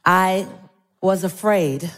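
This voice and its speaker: A woman's voice: lowish voice, very slow. A middle-aged woman speaking on stage to a live audience, telling playful stories and building to rhythmic motivational calls.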